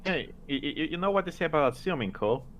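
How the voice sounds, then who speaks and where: A man's voice: fairly high pitch, lively intonation, rapid-fire, a bit bright, slight background noise. A man playing a bard in a tabletop game, hesitant and stammering, with a joking manner. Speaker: player.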